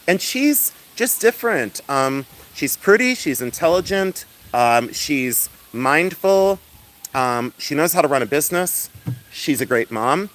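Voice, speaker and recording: A man with an ordinary mid-range voice talks loudly and flamboyantly on a casual livestream. He chats with viewers from outdoors in the sun and laughs often. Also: medium pitch. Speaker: livestream host selling and showing jewelry.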